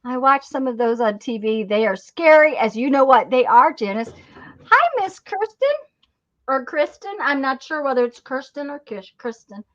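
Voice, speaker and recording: A woman's voice: sits high, moderate pace, hardly any pauses, fairly bright tone. A woman hosting a casual crafting live stream, telling stories in a rambling way with lots of fillers and restarts. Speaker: craft channel host. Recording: dull lo-fi sound.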